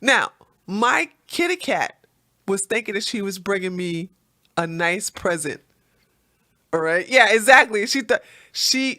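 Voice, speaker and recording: With a fairly low-pitched voice, a woman hosts an easygoing livestream. Her stories are animated, she reads comments from chat, and she laughs often while repeating words.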